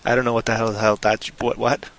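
A man co-hosting a casual podcast chat, rambling and joking, often breaking into loud silly voices. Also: medium pitch, level tone, fairly quick, creaky, dry recording, poor audio. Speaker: podcast co-host.

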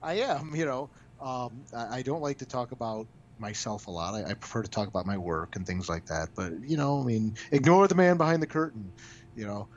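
Man, casual interview, animated, stammering restarts, medium pitch, dull recording. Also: fairly quick. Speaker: comic book writer, guest. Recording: dull lo-fi audio.

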